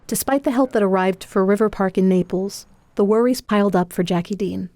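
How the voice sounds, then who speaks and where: A woman giving measured, scripted documentary narration. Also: mid-range voice, no room sound. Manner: measured, even delivery.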